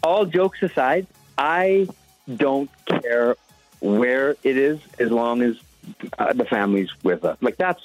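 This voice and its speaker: A man's voice: medium pitch, lively intonation, takes it slowly, dry recording, soft background music, poor audio. A man, a singer guesting on a radio show, talking in a chatty, self-mocking way. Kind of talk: casual radio interview.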